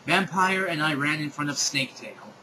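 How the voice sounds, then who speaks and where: A man's voice: a little high, lively intonation, normal speed, bright, forceful tone, slight background noise, poor audio. A man reading bad fan fiction aloud in a comedic dramatic style, with exasperated, sarcastic commentary.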